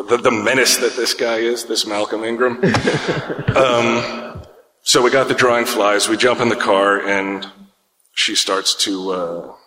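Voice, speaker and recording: A man with a bright, forceful voice spins a rambling, foul-mouthed story on a casual podcast, chuckling as he goes. The room is echoey with a long, hanging reverb. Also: fairly low pitch, slight background noise. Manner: rambling, profane, laughs through his own story. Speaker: podcast co-host.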